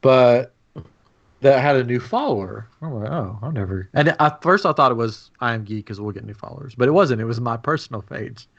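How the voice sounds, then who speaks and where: A man's voice: mid-range voice, expressive, brisk, vocal fry, dull audio. A man co-hosting a podcast, telling a story in casual chat and laughing often. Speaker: podcast co-host.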